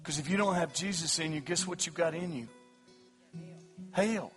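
A man preaching with raw intensity, his fairly high voice dropping to a near-whisper as he pleads, then bursting into shouts. He speaks at a church service while soft guitar music plays faintly underneath. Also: moderate pace. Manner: impassioned preaching that swings from hushed pleading to shouting. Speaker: pastor. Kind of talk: evangelistic sermon.

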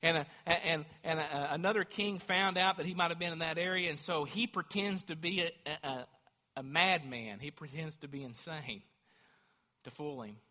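Fervent preacher in a reverberant hall. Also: male voice, fairly high pitch, normal speed, pushed and bright. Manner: fervent preaching, rising to emphatic declarations. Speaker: pastor. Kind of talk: sermon.

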